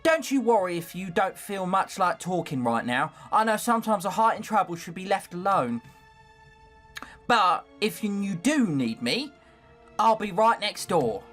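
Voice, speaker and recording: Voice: mid-range voice, fairly bright tone, close to an everyday voice. A streamer voicing an eager, loyal young female scullery maid with a London working-class accent, reading a visual novel aloud. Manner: doting, reassuring.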